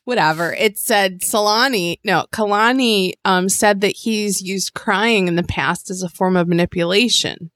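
A woman's voice: mid-range voice, unhurried, few pauses, a bit bright. A woman co-hosting a podcast in casual chat, wry and crude, exclaiming often. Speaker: podcast co-host.

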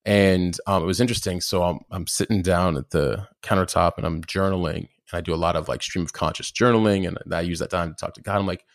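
Animated man in casual conversation. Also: sits low, quick pace, hardly any pauses, no echo, studio quality. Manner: animated, acts out his inner dialogue. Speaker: podcast guest.

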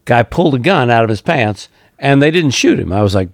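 A man co-hosting a podcast, telling an anecdote in a halting, rambling way with restarts. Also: medium pitch, very animated, no echo, studio quality. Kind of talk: casual conversation.

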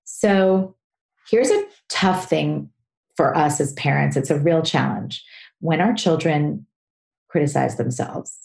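A woman answers listener questions on her parenting podcast. Her voice sits fairly low and mellow, and she sounds earnest, acting out little examples along the way. The recording has a noticeably roomy echo. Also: slow, creaky. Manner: warm, earnest, explains with acted examples. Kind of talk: solo advice talk.

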